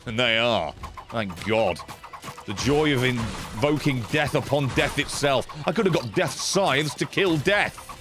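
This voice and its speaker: A young man commentating his own gameplay on a live stream, profane and animated, grumbling then yelling at the game. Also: medium pitch, unhurried. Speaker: gaming streamer. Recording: game music behind voice.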